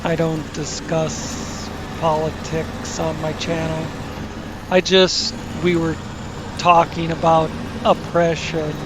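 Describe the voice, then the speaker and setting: Man, gaming host, unhurried rambling commentary, slightly high voice, engine noise under him. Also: completely flat delivery. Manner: rambling, self-correcting, crude asides.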